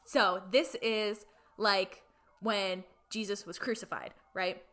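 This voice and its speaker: A woman's voice: medium pitch, steady tone, slow pace, bright, forceful tone. A young woman co-hosting a podcast, retelling a film plot in a chatty way with lots of fillers and acted-out lines. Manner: chatty, filler-heavy, acts out characters' lines. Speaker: podcast co-host.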